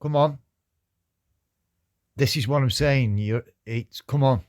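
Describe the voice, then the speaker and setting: A man's voice: mid-range voice, takes it slowly, darkish tone. A man on a live stream earnestly and repetitively giving his opinion.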